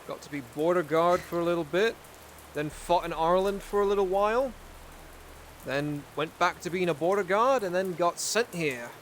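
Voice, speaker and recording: A man voicing a young male sergeant in a casual roleplay, rambling and pausing to search for words. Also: high-pitched, a little hiss or hum, close to an everyday voice. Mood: reminiscing. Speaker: roleplay player.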